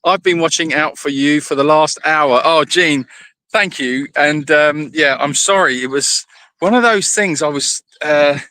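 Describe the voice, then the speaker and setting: A man hosts a live stream from an animal sanctuary, talking into a handheld phone as he walks outdoors. His voice sits a little high with a bright, forward tone. He chats loosely and rambles, calling out viewers by name. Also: measured pace, dry recording, low-quality recording. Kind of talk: casual live-stream chat. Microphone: phone held in hand.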